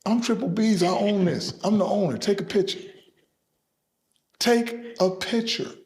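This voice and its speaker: Speaking high and fast, a middle-aged man appears as an interview guest. His animated stories are boastful and lively, and he performs the voices of the people in them.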